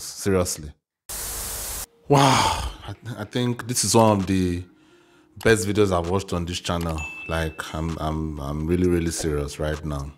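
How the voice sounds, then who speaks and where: A man from Africa with a low, deep voice, talking casually as he reacts to a documentary. He exclaims often and restarts his sentences as his thoughts catch up with him. His tone stays candid and chatty throughout. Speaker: reaction video host.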